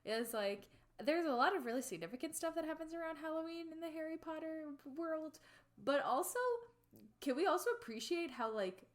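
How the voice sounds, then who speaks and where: A woman's voice: high-pitched, lively intonation, a little fast. A young woman from the United States co-hosting a podcast, chatting casually and animatedly with lots of filler words. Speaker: podcast co-host. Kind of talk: casual chat.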